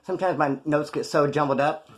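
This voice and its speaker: Talking fast in a somewhat high voice for a man, a middle-aged guy casually tells stories about his past. His street-slang delivery is lively, and he imitates people's voices when quoting them.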